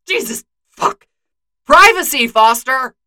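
A woman's voice: medium pitch, sing-song, moderate pace, bright, forceful tone. A woman voicing a flustered, blunt young male soldier given to exasperated outbursts.

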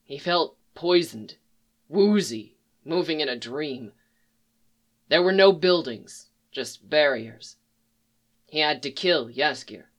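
A reader narrating a dark fan fiction story in a measured, solemn way. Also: medium pitch, expressive.

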